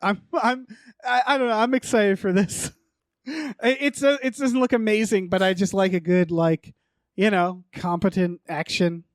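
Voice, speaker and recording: A man's voice: high-pitched, fairly even intonation, a little slow, dry recording, clean studio sound. A man co-hosting a podcast, musing hesitantly about movies with frequent stammers. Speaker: podcast co-host. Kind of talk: casual movie chat.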